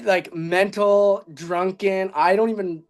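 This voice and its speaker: A man's voice: high-pitched, fairly even intonation, slow pace. A young man telling a personal story as a podcast guest, rambling and filling his speech with "like". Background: background music.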